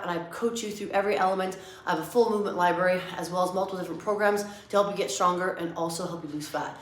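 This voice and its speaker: A woman fitness coach with a scratchy voice from allergies, talking through lifts as she demonstrates them and correcting herself along the way. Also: medium pitch. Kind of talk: workout tutorial. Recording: very echoey room.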